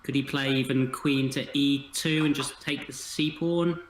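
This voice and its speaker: A man as guest chess analyst, calmly and methodically talking through variations. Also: medium pitch, normal speed, reverberant, a little hiss or hum, rough recording.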